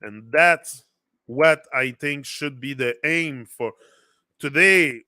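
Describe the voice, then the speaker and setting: A man's voice: medium pitch, takes it slowly, bright, forceful tone, dry recording, studio quality. A man with a French accent hosting a casual motivational livestream, rambling as he reads out viewer comments.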